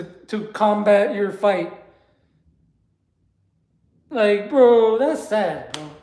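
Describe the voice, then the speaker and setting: A man's voice: high voice, a little mellow. A young man ranting casually and heatedly, swearing and saying "bro" often, with disbelieving laughs. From United States. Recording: roomy echo.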